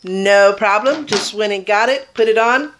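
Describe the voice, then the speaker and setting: A woman's voice: mid-range voice, unhurried, fairly bright tone, slight background noise. A woman chatting casually through a makeup tutorial, rambling and enthusiastic about her products. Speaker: beauty vlogger.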